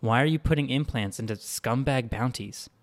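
A man's voice: medium pitch, normal speed, lightly acted. A man voicing a determined woman spacefarer who asks pointed, pressing questions. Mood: questioning. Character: determined woman spacefarer, searching for her husband.

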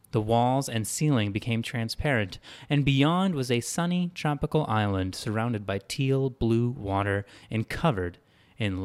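A man narrating a story in an even, unhurried reading. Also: medium pitch, no room sound.

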